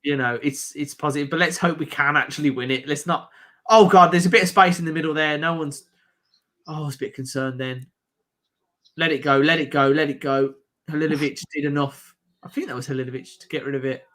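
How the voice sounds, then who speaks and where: A man with a Birmingham accent, pitched a little high with a bright, forceful edge to his voice. He chats casually through a live football reaction stream and shouts at key moments. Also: fairly even intonation, fairly quick. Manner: chatty, reacts loudly to the match. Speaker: stream host. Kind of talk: casual football watch-along chat.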